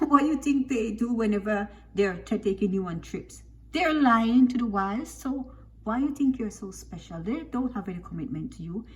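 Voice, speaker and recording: A woman commenting on a reality show, scolding and animated, firing off rhetorical questions. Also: medium pitch, husky.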